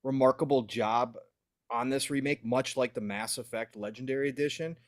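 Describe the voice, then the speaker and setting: Male podcast host, mid pitch, animated and opinionated, close dry studio sound. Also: moderate pace, dry recording. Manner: animated, opinionated, laughs often. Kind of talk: casual podcast chat.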